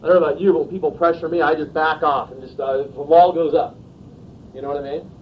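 High-voiced direct male sales trainer. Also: steady tone, fast talker. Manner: direct, checks in with "okay?". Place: training room, filmed on video camera. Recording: dull lo-fi video with faint rumble.

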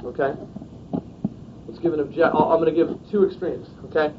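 High-voiced direct male sales trainer. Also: fairly even intonation, normal speed. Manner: direct, checks in with "okay?". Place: training room, filmed on video camera. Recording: dull lo-fi video with faint rumble.

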